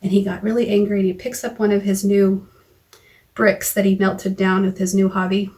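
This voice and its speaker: A woman vlogging into her phone, recounting a frightening argument in a halting way, with many restarts and quoted lines of dialogue. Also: medium pitch, flat delivery, darkish tone. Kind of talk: personal recap vlog. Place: car or home.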